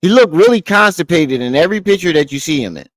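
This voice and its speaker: A man's voice: a little high, expressive, fast talker, dry recording. A man hosting a casual reaction commentary show, joking around and cursing. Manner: joking, profane, laughing.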